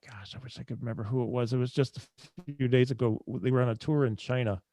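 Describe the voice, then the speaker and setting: A man's voice: mid-range voice, fairly even intonation, fast, warm tone, no room sound. A man hosting a casual interview over a video call, reacting eagerly to his guest's stories. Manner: enthusiastic listener, frequent short reactions. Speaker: interview host.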